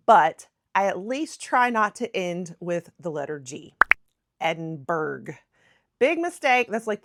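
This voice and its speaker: A woman's voice: medium pitch, a bit bright. An American woman talking to camera as a travel vlogger, bubbly and chatty, laughing at herself now and then. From United States. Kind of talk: casual chat to camera.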